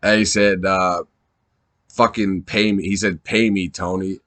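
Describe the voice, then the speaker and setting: A man giving off-the-cuff excited commentary, rambling and swearing, laughing often and restarting his sentences while a little high. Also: a little slow, dry recording. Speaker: wrestling fan vlogger.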